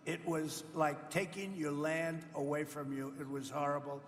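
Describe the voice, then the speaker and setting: Older man in his seventies with a rather high voice and a gravelly edge, speaking off the cuff and rambling. His talk is boastful and repetitive, full of asides to the audience. The sound rings with the long reverb of a hall. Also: fairly even intonation, moderate pace, few pauses, a little hiss or hum. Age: 70s. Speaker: politician speaking at a roundtable. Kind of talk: off-the-cuff public speech. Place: event room with people around a table.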